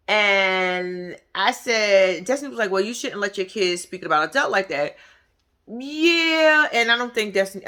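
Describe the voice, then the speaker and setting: A woman giving a casual, profane, animated recap of a reality show, acting out what people said. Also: medium pitch.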